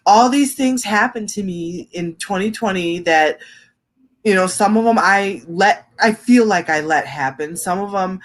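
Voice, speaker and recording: A woman's voice: mid-range voice, a little slow. Frank, rambling woman in podcast chat. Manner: frank storyteller, rambling, animated when quoting. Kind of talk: casual chat.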